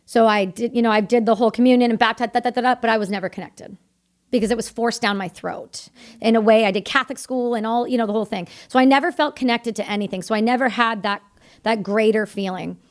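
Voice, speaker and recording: Earnest, fairly high-voiced veteran woman. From Canada. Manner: earnest, tells her story in quick bursts of remembered dialogue. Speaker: podcast guest, combat veteran. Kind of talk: candid conversational storytelling.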